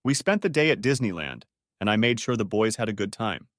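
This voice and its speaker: A man's voice: on the low side, sing-song, fairly quick, a bit bright, no room sound, studio quality. A man narrating a first-person story in a bitter, tight-lipped way.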